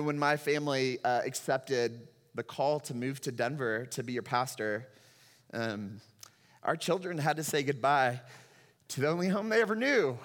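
A man's voice: fairly high pitch, fairly bright tone, long reverb tail. A middle-aged man preaching a sermon as pastor, emotional and rising to impassioned cries as he reads scripture.

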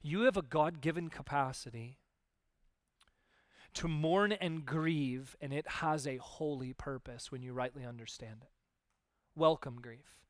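A man preaching a sermon as pastor, conversational and animated, acting out little quoted voices. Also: on the high side, unhurried, no room sound, clean studio sound.

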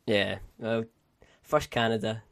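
A man's voice: fairly low pitch, steady tone, slow, creaky, a bit bright, no room sound. A man co-hosting a podcast, chatting casually, rambling and restarting his sentences, swearing now and then. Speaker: podcast co-host. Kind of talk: casual chat.

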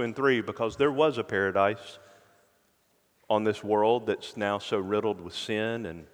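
A man preaching from the pulpit at a middle pitch, earnest and deliberate. He often sinks to a hushed, intense tone to press a point home. His voice rings with a long, spacious reverb. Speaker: pastor. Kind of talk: sermon.

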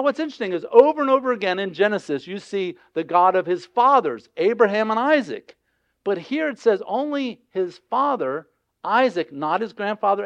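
A man's voice: high-pitched, dry recording. Earnest man preaching, dry lo-fi sound. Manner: earnest, acts out quoted voices. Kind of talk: sermon.

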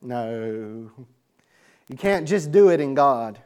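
A man's voice: mid-range voice, slow pace, clean tone. A man preaching to young people, acting out a Bible story with audience helpers and laughing along. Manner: lively, laughing, calls on audience members. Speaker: youth pastor. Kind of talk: animated sermon with acted-out bible story.

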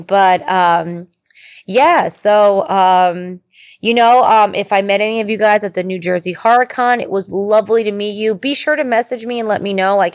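A woman hosting her podcast, rambling casually through the sign-off in a chatty, easygoing way. Her voice sits at an ordinary middle pitch. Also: normal speed. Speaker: podcast host.

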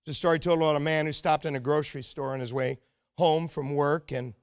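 Male pastor, fairly high voice, earnest sermon delivery that sinks to quiet urgency. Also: steady tone, quick pace, clear, resonant tone. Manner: earnest and exhorting, often dropping to a quiet, intense tone.

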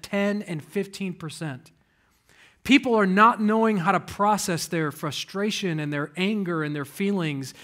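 High-voiced man preaching an emphatic sermon. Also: a bit bright. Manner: emphatic, direct, addresses the congregation with rhetorical questions. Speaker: pastor. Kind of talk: conversational sermon. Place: church.

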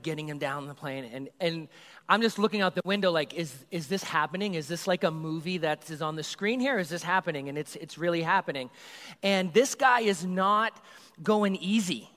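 A man, a youth group leader, telling a comedic story in an animated, rambling way and acting out the scenes. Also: high-pitched. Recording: reverberant hall.

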